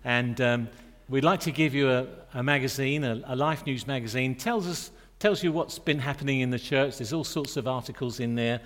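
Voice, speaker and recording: A man's voice: mid-range voice, moderate pace. Chatty man preaching in an echoing church. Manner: chatty, joking, warm asides to the congregation. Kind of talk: sermon. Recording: long reverb of a church hall.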